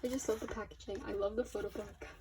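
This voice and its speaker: A young woman unboxing albums at her desk in casual commentary. She gushes excitably, her voice shaky, often dropping to a near whisper. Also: mid-range voice, fast, background noise. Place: small room at her desk.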